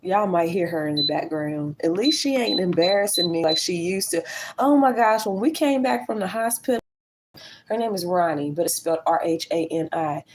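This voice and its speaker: A candid woman in her late thirties chats casually to her viewers while she tidies the kitchen of her small apartment. Her voice sits fairly low for a woman. The home recording carries a clear layer of background noise. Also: animated, moderate pace, rough recording. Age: 30s. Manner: chatty, candid, talks to viewers as y'all. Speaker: vlogger. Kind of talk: casual chat while doing chores.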